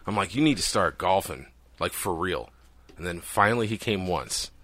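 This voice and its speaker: Man, podcast co-host, bright tone, dry close sound, joking banter. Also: low voice, expressive, normal speed, no room sound. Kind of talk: casual chat.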